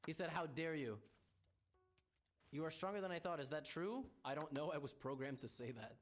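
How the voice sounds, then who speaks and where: A man's voice: fairly high pitch, quick pace, soft background music. A man playing chess and thinking his moves through aloud, with stammering restarts and wry teasing of his opponent. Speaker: chess streamer.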